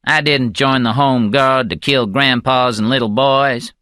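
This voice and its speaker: A man's voice: medium pitch, steady tone, unhurried, sharp tone, no room sound, voice pushed up. Male reader as a defiant guard who refuses orders, indignant, dry close sound. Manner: indignant, protesting.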